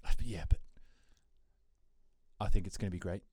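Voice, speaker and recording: A man's voice: sits low, fairly even intonation, moderate pace, dark tone, husky, no room sound, clean studio sound. A man co-hosting a podcast in casual chat, rambling with lots of restarts and fillers. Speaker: podcast co-host.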